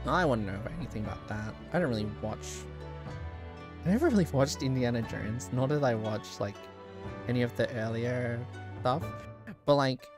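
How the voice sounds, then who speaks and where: A woman's voice: rumbling low, lively intonation, moderate pace. A young woman streamer chatting casually over gameplay, laughing often and trailing off into fillers. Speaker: let's-play streamer. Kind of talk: casual gameplay commentary and reading game lines aloud. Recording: music playing under the voice.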